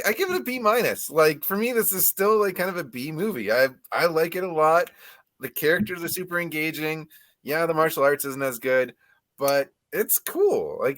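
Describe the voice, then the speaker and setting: A man's voice: a little high, a bit bright, dry recording. A man hosting a casual film review chat, talking loosely with lots of "like" fillers. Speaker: podcast host.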